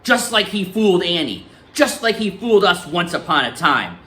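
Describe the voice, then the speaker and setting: A man's voice: sits high, very animated, moderate pace, bright, forceful tone, pitched above the performer's own voice, full character voice. A man voicing a stubborn older grandfather who speaks firmly and with determination. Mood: determined. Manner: firm, determined. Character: stubborn old grandfather, ex-soldier.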